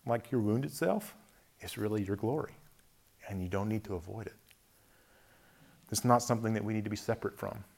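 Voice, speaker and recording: A man giving a reflective talk on faith, thoughtful, often chuckling softly and listing words slowly. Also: lowish voice, creaky.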